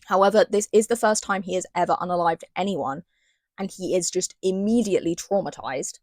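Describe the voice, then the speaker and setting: A young woman giving an animated, sarcastic and rambling book recap in casual chat. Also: on the low side, a little fast, no room sound. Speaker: book reviewer.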